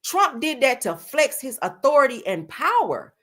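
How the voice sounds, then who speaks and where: A woman's voice: sits high, very animated, normal speed, a bit bright. A woman from the US giving blunt, profane, sassy live-stream commentary, full of emphatic repeats.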